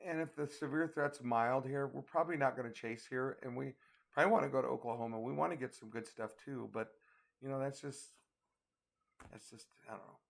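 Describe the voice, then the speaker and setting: A middle-aged man with a gravelly, mid-pitched voice hosts a livestream weather briefing. He talks in a folksy, chatty way, reading out viewer comments and answering them as he goes. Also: a little fast. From northeastern Colorado. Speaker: storm chaser hosting a livestream weather briefing. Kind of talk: casual livestream chat with viewers.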